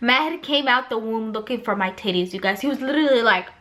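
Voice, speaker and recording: A young woman vlogger telling a personal story in a casual, animated way, often turning to speak straight to her viewers. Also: fairly high pitch, a little fast. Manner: animated, chatty, keeps addressing viewers.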